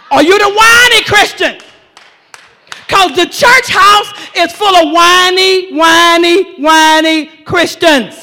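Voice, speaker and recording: A woman preacher delivering a sermon, shouting and repeating lines for emphasis. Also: very high-pitched, slow, in a large hall.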